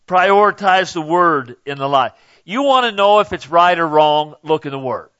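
High-voiced, unhurried preaching man. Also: lively intonation, a bit bright, dry recording, highs cut off. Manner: conversational preaching, punctuated with "okay?". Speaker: pastor. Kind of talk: sermon.

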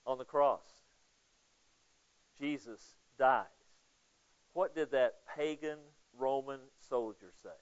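A man's voice: medium pitch, slow pace, pauses often, clean tone. A man preaching a casual, conversational Bible study sermon, asking listeners questions by name. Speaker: pastor. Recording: dull lo-fi sound.

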